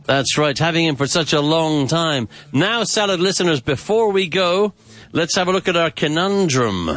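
A man's voice: fairly high pitch, lively intonation, moderate pace, fairly bright tone. A man hosting a podcast grammar lesson, repeating phrases, drilling questions and dropping in Spanish asides with enthusiasm. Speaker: English teacher and podcast host.

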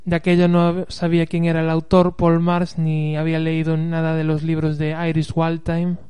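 A host narrates a scripted summary in a measured, even way. His voice is smooth and mellow, and his pitch barely moves. He sits slightly high for a man.

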